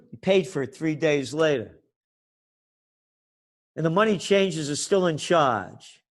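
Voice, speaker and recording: Man, guest forecaster, impassioned rant with biting sarcasm, slightly high voice. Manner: fiery, ranting, sarcastic. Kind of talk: impassioned podcast interview.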